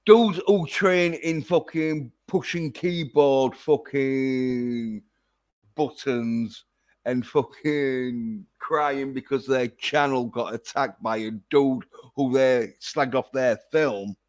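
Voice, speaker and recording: A man's voice: medium pitch, slow pace. A man ranting profanely in a casual livestream. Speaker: vlogger.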